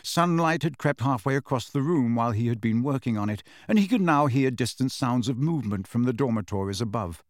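A man's voice: medium pitch, no room sound. Man reading an audiobook, dry and close. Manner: steady, measured storytelling. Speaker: audiobook narrator. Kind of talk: audiobook narration.

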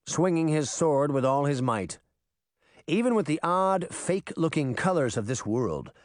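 A man narrating a storybook chapter in a lively, expressive reading. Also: medium pitch, no room sound, studio quality. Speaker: audiobook narrator. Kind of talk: scripted narration.

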